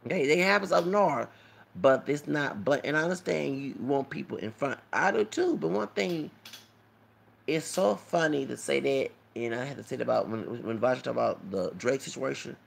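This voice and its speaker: A man's voice: medium pitch, expressive, moderate pace, vocal fry, husky. A man talking in a rambling commentary vlog, lecturing and often asking "okay?" and "you know what I'm saying?". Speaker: YouTube commentator.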